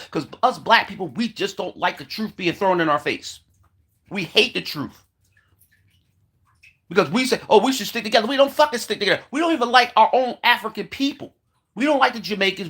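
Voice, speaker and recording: A man's voice: sits high, sharp tone. A man delivering a heated, profane monologue, repeating himself as he rants. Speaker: commentator. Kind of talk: ranting monologue.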